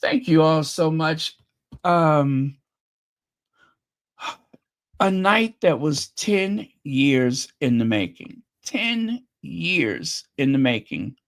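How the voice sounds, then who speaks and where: Male channel host, fairly high voice, unhurried, emotional, chatty reaction commentary. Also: big pitch swings. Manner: chatty, openly emotional, repeats phrases. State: voice getting strained.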